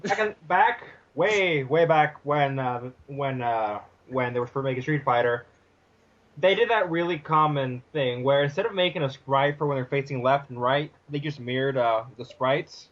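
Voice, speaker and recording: A man's voice: medium pitch, normal speed, fairly bright tone. Earnest young man explaining, lo-fi mic. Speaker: podcast co-host. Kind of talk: casual chat. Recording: dull lo-fi podcast mic.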